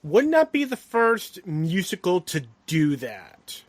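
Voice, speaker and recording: A man's voice: high-pitched, huge pitch swings, slow, dry recording. A man co-hosting a casual film podcast, chiming in with wry, explanatory asides. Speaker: podcast co-host.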